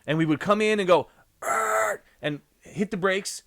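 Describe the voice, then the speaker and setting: A man's voice: high voice, fairly quick, a bit bright, dry recording. A man co-hosting a casual chat, playful and joking, often breaking into snatches of song. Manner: playful, bursts into song snippets and laughter.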